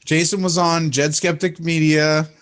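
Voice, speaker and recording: A man's voice: on the high side, little pitch movement, measured pace, a bit bright. A man hosting a casual livestream, indignant and mocking, rambling through his points. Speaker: host.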